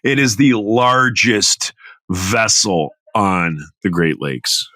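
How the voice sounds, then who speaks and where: A man co-hosting a podcast in loose, casual chat, drifting off on tangents and laughing easily. His voice is bright and tense, with pitch that swings a lot. The sound is dry and close. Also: animated, takes it slowly, dry recording. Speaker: podcast co-host.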